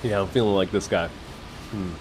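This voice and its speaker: A man live-streams from a cafe in the city as a vlogger, tasting food and casually chatting to viewers, thinking aloud with fillers and restarts via a wireless clip-on mic. His voice sits low with a steady tone and brisk pace, against a noisy background.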